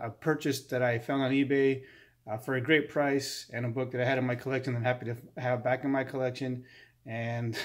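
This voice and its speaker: A man chatting casually to his camera as a comic book collector, enthusiastic and rambling with lots of fillers. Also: medium pitch.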